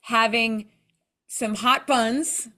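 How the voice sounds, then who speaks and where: A woman guest in a casual interview, telling lively stories and acting out what people said. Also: a little high, extremely slow. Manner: animated storyteller, acts out quoted lines. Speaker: TV show judge, interview guest.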